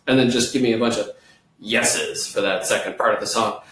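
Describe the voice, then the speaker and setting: A man teaching a children's music lesson, playful and clear, singing along with his guitar. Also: medium pitch, normal speed, a bit bright. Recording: echoey room, mic far off, guitar playing.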